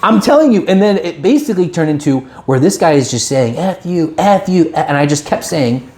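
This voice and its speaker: A man's voice: fairly high pitch, a little fast. A man co-hosting a casual podcast, telling stories and acting out what people said. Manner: animated storyteller, acts out quotes. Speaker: podcast co-host. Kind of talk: casual chat, storytelling. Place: indoor podcast room.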